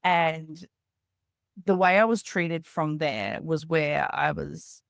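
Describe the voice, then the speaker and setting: A woman's voice: low voice, fairly even intonation, takes it slowly, creaky, dry recording, studio quality. A woman in her thirties, a podcast guest, telling a personal story candidly in a rambling way with lots of "like".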